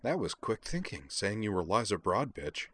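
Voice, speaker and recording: A man voicing a nervous young woman who speaks in an urgent hush, reading a story aloud. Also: medium pitch, sing-song, moderate pace, voice pushed up. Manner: urgent hushed tone.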